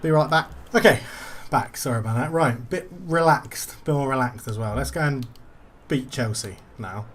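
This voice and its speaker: A man's voice: mid-range voice, moderate pace, a bit bright. A man commentating his own football video game session, getting frustrated and swearing at the game. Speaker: gaming YouTuber.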